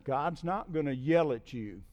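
A middle-aged man preaching a conversational sermon as a guest speaker, often checking in with "okay?" and building to emphatic, loud peaks. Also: on the high side, animated, a little slow. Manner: repeats "okay?" to check in with listeners.

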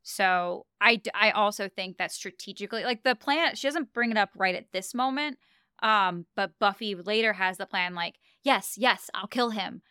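A young woman co-hosting a casual chat podcast, animated and laughing often as she retells scenes. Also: mid-range voice, moderate pace, clear, resonant tone, no echo, clean studio sound. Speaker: podcast co-host.

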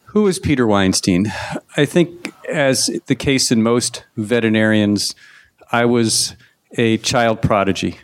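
A man's voice: medium pitch, a little slow, clean tone, dry recording. A middle-aged man from Long Island, a veterinarian guest telling wry stories in a casual interview. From Long Island, New York. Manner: wry, anecdotal storytelling.

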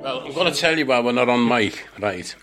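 A man's voice: medium pitch, expressive, brisk, loud music behind the voice. A man telling a bawdy, sweary anecdote with laughter as a podcast guest. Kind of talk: anecdote told in casual chat.

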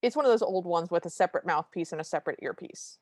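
Low-voiced woman in chatty, wry cartoon talk. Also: lively intonation, quick pace, no room sound. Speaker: podcast co-host. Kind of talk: casual chat reviewing a cartoon.

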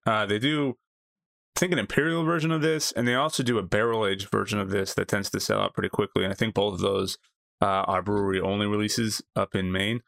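A man co-hosting a casual beer review podcast, talking in a relaxed, enthusiastic way with some filler words. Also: mid-range voice, vocal fry, dry recording, clean studio sound. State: married. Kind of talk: casual chat.

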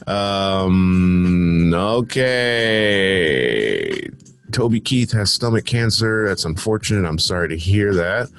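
A man hosting a show, reading out celebrity headlines and tossing in dismissive, sarcastic asides. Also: on the low side. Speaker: host. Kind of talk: casual headline commentary.

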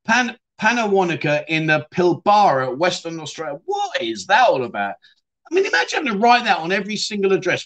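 A middle-aged Yorkshire man hosts a relaxed livestream, reading viewer comments and answering them in a matey way. His voice sits a little high for a man, and his sentences often fade off quietly at the end. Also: brisk. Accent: Yorkshire English. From England. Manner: chatty and matey, calls viewers mate and my friend, often trails off softly. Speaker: livestream host.

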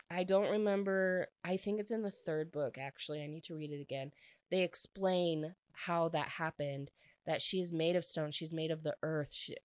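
Low-voiced woman rambling through a recap. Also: no room sound. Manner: rambling, frequent "like" fillers. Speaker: book reviewer. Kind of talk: casual book recap.

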